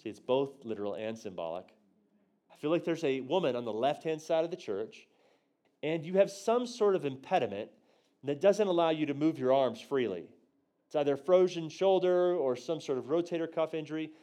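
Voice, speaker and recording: Lively man telling a church story. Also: moderate pace. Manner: animated storyteller, acts out his own quotes with big jumps in pitch and volume; drops low and quiet for tender moments. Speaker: guest teacher on prophecy. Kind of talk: storytelling sermon.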